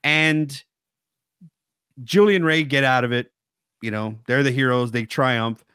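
A man's voice: mid-range voice, unhurried, pauses often, fairly bright tone, smooth, dry recording, clean studio sound. A man co-hosting a horror film podcast, talking casually and animatedly, laughing often and breaking into quoted voices. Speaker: podcast co-host. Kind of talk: casual chat.

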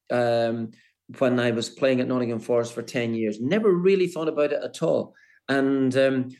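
An older man speaks as an interview guest at an even middle pitch. He tells his stories haltingly, repeating words and restarting his sentences. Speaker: former footballer, guest. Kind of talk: interview, storytelling.

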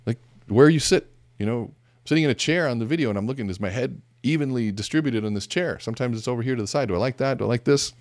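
A man's voice: mid-range voice, fast, no echo, clean studio sound. A middle-aged man giving a conversational motivational talk on leadership, direct and emphatic, with casual asides and stories. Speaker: business speaker on leadership. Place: seated indoors.

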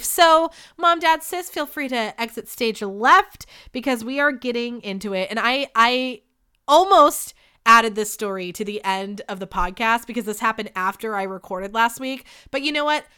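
A young woman hosting her own podcast, talking candidly and with lots of swearing as she tells stories. Her voice sits a bit high and sounds bright and clear. The delivery is quick to swing from animated bursts to low asides. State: sick. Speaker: podcast host. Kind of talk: casual solo podcast storytelling.

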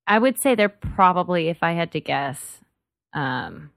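A woman's voice: lowish voice, lively intonation, unhurried, a bit bright, no echo, studio quality. A woman appearing as a comedian guest, chatting casually with laid-back jokey asides.

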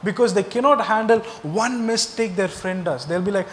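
A man's voice: high-pitched, moderate pace, fairly bright tone, in a large hall, slight background noise. A male pastor delivering a sermon, asking the congregation rhetorical questions and stressing key points.

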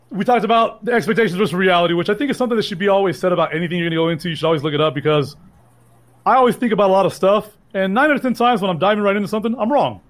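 Fast-talking, self-mocking male podcaster. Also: high voice. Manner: rambling, self-mocking, laughs often. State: sleep-deprived. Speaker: podcast co-host. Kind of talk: casual chat.

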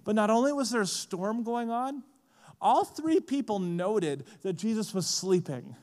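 A man preaching a sermon in a casual, animated way, often saying "like", at a conference. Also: high voice, unhurried, big-room sound. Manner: lively, casual, frequent "like" fillers. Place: large conference hall.

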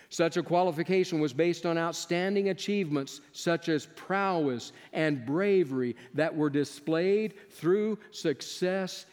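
A male preacher giving a sermon, swinging between loud rising questions and hushed, near-whispered lines. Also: a little high, in a large hall.

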